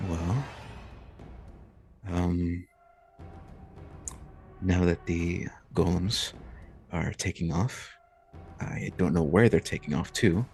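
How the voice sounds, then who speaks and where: A man voicing a weary, flustered old man who rambles in halting, hesitant sentences. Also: low voice, steady tone, darkish tone, faint music behind.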